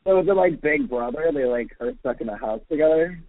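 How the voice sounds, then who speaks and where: A man's voice: fairly high pitch, animated, fairly quick, no echo. Dry-humored man on a tinny line. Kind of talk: casual chat. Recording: tinny phone-like dry sound.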